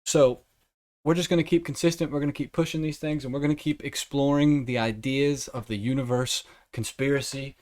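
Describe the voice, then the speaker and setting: A young man hosts a casual podcast in an ordinary, middle-pitched voice. He rambles and jokes, swearing freely as he talks. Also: darkish tone. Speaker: podcast host.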